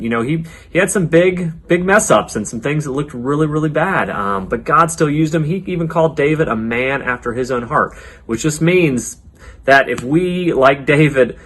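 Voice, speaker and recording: An upbeat man leads a children's church lesson and talks straight to the kids in a chatty way, with frequent ums. His voice is bright and forceful, and his pitch sits in the middle. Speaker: children's ministry leader.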